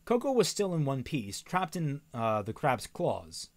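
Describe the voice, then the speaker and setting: Man reading a novel aloud, animated, stumbles and self-corrects, wry comments. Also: mid-range voice, measured pace.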